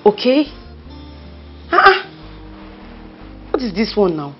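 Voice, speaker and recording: Woman playing a lively coaxing Nigerian friend. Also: mid-range voice, takes it slowly, dull audio, faint music behind. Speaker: comforting best friend. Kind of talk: Nollywood film acting.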